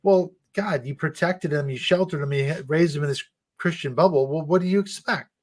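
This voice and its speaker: A middle-aged man, a guest author, talking casually and telling animated stories about his upbringing, laughing now and then. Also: a little high, moderate pace. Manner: animated storytelling with frequent laughs. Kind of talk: casual conversation.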